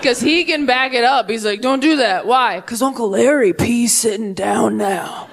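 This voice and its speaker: A young adult woman performing a stand-up comedy set, animated, slipping into quick voices for the people in her stories. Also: a little high, vocal fry, noisy background. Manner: animated, slips into quick voices for friends, babies and her dad. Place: live comedy venue with audience.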